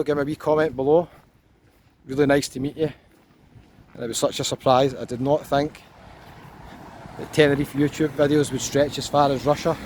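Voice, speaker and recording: A man with a Scottish accent chatting casually as he walks down a resort street, pointing out bars and shops to his camera. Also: medium pitch. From Scotland. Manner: chatty, relaxed tour guide, pointing out places as he walks. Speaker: walking tour vlogger. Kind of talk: casual walking commentary. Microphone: handheld camera while walking. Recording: street noise behind the voice. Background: outdoor traffic and street ambience.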